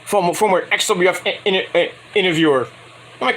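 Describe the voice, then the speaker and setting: A high-voiced man talks briskly over slight background noise, loosely and profanely summarizing a wrestling show. He gets animated and mimics what the wrestlers said in put-on voices.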